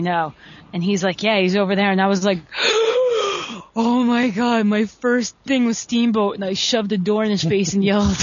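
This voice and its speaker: A woman in her thirties, a wrestler, telling stories in a chatty, animated way as an interview guest. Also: mid-range voice. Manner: chatty, animated, lots of "like" fillers. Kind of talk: casual storytelling over a call. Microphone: phone. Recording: dull lo-fi phone-line audio.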